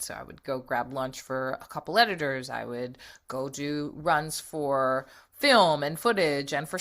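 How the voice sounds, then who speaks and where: Middle-aged woman guest, animated storyteller, bright and sharp voice, laughs often. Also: low-pitched. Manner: lively, laughs often, acts out her own thoughts. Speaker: interview guest, TV writer.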